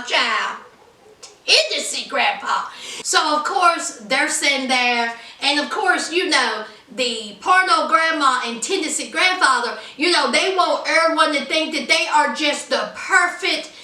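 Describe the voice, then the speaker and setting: A woman's voice: high-pitched, sharp tone, far from the mic. A woman recapping a reality show in a sassy, dramatic, gossipy way, full of "honey" and "child". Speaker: reality TV reviewer. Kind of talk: casual gossipy recap commentary. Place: home. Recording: echoey room, voice a bit off-mic.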